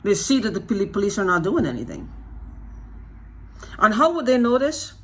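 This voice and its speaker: Husky-voiced agitated vlogger full of questions. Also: medium pitch, big pitch swings, moderate pace, fairly bright tone. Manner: repeats phrases for emphasis. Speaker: YouTube channel host. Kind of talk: unscripted vlog monologue.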